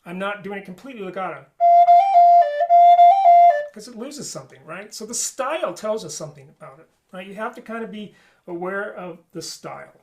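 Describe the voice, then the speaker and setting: A man's voice: high-pitched, animated, fairly quick, music in the background. A man teaching an online flute lesson, explaining articulation and singing rhythms on syllables.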